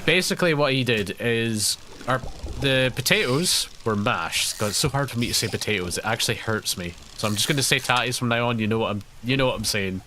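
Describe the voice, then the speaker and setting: Chatty Scottish man with a bright voice. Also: medium pitch, fairly quick, a little hiss or hum. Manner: rambling, chatty storytelling with frequent laughs. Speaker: gaming streamer. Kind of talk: live let's-play commentary.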